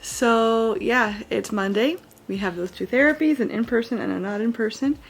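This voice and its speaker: A woman's voice: on the high side, moderate pace, vocal fry. A tired woman in her thirties from the United States, chatting casually to camera in a daily home vlog, rambling with fillers and yawns. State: tired, yawning. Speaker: vlogger. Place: at home, indoors.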